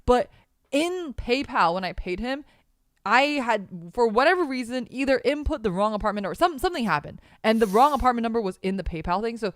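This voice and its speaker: Woman streamer host on a home mic, rambly, laughs a lot, pitch jumps around. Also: expressive, fairly quick, no room sound, clean studio sound. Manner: rambling storyteller, many fillers, bursts into laughter. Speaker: podcast host. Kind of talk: casual chat on a streamed podcast.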